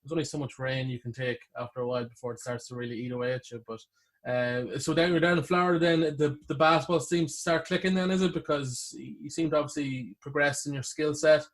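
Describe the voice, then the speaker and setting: A man from Ireland hosts a relaxed sit-down interview. His voice sits slightly high, and he talks in a loose, chatty way, thinking aloud with frequent fillers as he builds toward each question. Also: fast talker. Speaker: interviewer, host. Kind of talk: casual interview chat.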